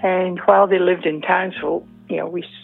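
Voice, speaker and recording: A woman's voice: lowish voice, level tone, a little fast. An older woman, a former music teacher, fondly remembering old friends in a casual interview over the phone. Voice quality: gravelly, husky. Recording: tinny phone line.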